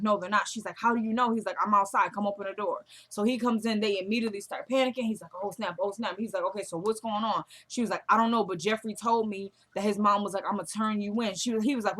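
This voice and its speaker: A woman's voice: mid-range voice, a bit bright. Chatty woman acting out a TV recap. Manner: retells scenes by acting out the characters' lines. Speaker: TV recap vlogger. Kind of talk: casual episode recap.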